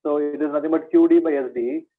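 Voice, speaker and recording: A man's voice: fairly high pitch, flat delivery, quick pace. Repetitive male maths teacher, tinny sound. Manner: repeats key points, asks rhetorical questions; addresses students as "my dear". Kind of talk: exam revision lecture.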